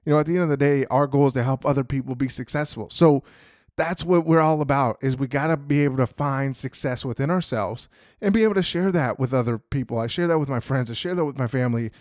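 A man's voice: mid-range voice, quick pace, a little mellow, no echo, clean studio sound. A man hosting a podcast, giving a casual motivational talk and often asking "right?" to the listener. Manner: casual, repeats "you know" and "right?" often. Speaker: podcast host.

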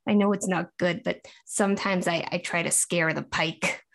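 A woman voicing a shy, innocent female lake monster in an improvised comedy bit, talking in a halting, earnest, naive way. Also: fairly low pitch, steady tone, creaky, a bit bright. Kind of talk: improvised comedy role-play.

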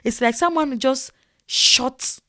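A woman's voice: medium pitch, a little fast, no room sound, clean studio sound. A young woman with a Nigerian accent telling a story in a casual vlog and acting out the dialogue with lots of animation. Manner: animated, acts out quoted dialogue. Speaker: vlogger.

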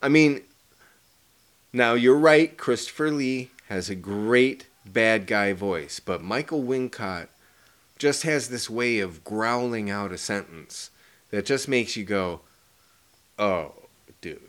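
A man talking movies on a casual podcast, swinging from hushed to loud as he gets worked up. He swears freely and keeps acting out lines from the film, with a plain, average-pitched voice. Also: slow pace, clear, resonant tone. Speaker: podcast co-host. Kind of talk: casual movie review chat.

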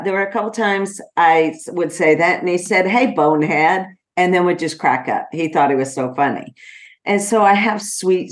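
A middle-aged woman with a low voice talks in an unhurried, gentle way, pausing often and filling gaps with soft ums. It sounds like a heartfelt personal podcast monologue. Her warmth comes through in how she takes her time. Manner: slow, gentle and heartfelt, with frequent pauses and fillers. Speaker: podcast host.

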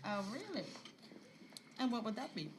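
A woman's voice: on the high side, sing-song, moderate pace, background noise. A woman playing a tough, foul-mouthed gearhead in film dialogue who talks bluntly.

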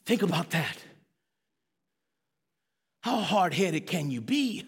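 A man preaching a sermon as pastor, speaking straight to his congregation, swinging from hushed, slow lines to sudden shouts. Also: sits high, very animated, husky. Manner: addresses the congregation directly.

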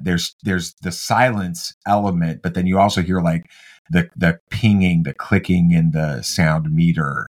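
A middle-aged man on a casual podcast, telling a story with animated energy and many halting restarts. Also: low voice. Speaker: podcast co-host. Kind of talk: casual chat.

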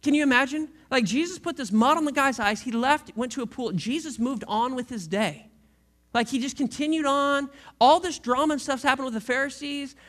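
Bright, high-voiced preacher. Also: male voice, brisk. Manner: playful storytelling, acting out the scripture with voices. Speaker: pastor. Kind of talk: sermon.

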